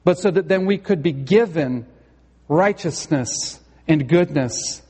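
A man's voice: on the high side, animated, slow, dark tone, breathy edge. A male pastor preaching a sermon in a church sanctuary, earnest and conversational, with a touch of storytelling humor. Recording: long hall reverb.

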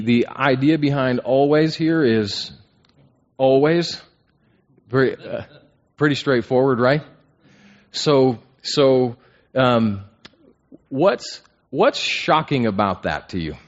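In a dull lo-fi recording, a man with a medium-pitched voice teaches an interactive Bible class at a slow pace. He poses questions to the group and restarts his phrases by repeating words.

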